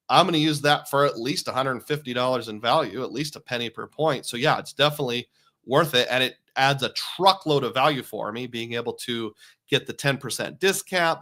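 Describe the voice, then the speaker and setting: Middle-aged male streamer, chatty and rambling, bright voice. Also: medium pitch. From Iowa. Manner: chatty, rambling, answers viewer questions. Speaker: live stream host. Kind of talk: casual live-stream chat.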